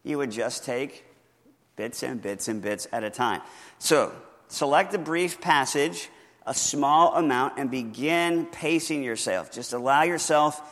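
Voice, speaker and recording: A man teaching how to read the Bible devotionally, earnest and encouraging, often slowing down to stress key words. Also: mid-range voice, a bit bright, long reverb tail. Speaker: pastor teaching Bible reading. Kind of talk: teaching talk from a handout.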